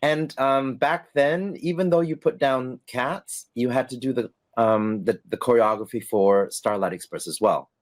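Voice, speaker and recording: A middle-aged man, a former stage performer, telling stories in a casual interview, animated and laughing, acting out the voices of people he quotes. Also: medium pitch, unhurried, few pauses.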